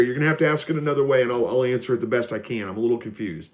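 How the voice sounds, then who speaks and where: A man's voice: mid-range voice, very fast. Man talking over a tinny phone line. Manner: relaxed, chatty, many fillers and restarts. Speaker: homestead livestream host. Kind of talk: casual live Q&A reading viewer comments.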